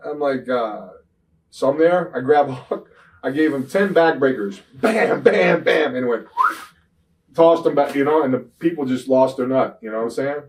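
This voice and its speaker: An older man, a retired wrestler, telling rambling profane stories in an interview, often saying "you know what I'm saying" and getting loud when he retells fights. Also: mid-range voice, normal speed, recorded from a distance, poor audio. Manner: grows loud and animated when retelling confrontations. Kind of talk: shoot interview storytelling.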